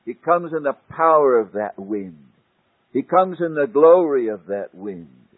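A man preaching a sermon, swinging dramatically from loud declarations to hushed near-whispers, with a husky voice. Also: medium pitch, animated, a little slow. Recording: tinny phone-like old sermon tape.

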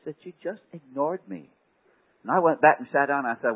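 A man preaches in a husky, fairly high voice, dropping to near whispers and then rising to loud cries. The sound is thin and tinny, like an old phone-line recording. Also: fairly quick. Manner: dramatic, swings from hushed to loud exclamations. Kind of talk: sermon storytelling.

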